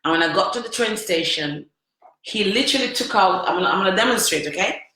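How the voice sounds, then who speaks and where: A woman's voice: mid-range voice, expressive, quick pace, bright, forceful tone, a little hiss or hum. Woman telling a candid story, echoey room. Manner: emphatic, repeats phrases, asks the listener questions. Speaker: vlogger.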